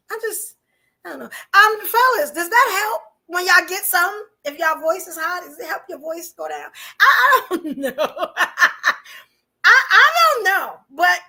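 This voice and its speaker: A woman's voice: extremely high pitch, creaky, bright, forceful tone. A woman hosting a livestream, chatting casually with viewers, full of rhetorical questions and fillers. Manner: chatty, addresses chat viewers directly. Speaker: podcast host.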